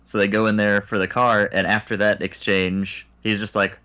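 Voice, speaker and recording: A man's voice: fairly low pitch, moderate pace, few pauses, no echo, muffled recording. A man co-hosting a podcast, casually discussing a movie and mimicking its lines. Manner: lively, mimics movie lines, deadpan asides. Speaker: podcast co-host. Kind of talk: casual movie review chat.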